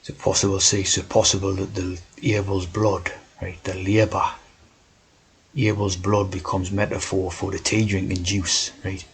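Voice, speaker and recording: A man's voice: low voice, little pitch movement, normal speed, slight background noise, poor audio. A man talking in a rambling monologue, tagging his points with "right?". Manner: meandering, keeps asking "right?". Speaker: video host.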